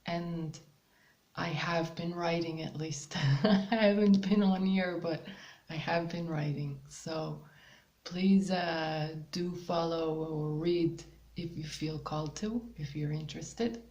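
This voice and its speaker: Speaking with fairly even intonation, this spiritual host gives a casual guidance monologue in a low-ish, gravelly voice, pausing often with ums and soft laughs at a very slow pace. The room echoes noticeably and the highs are cut off.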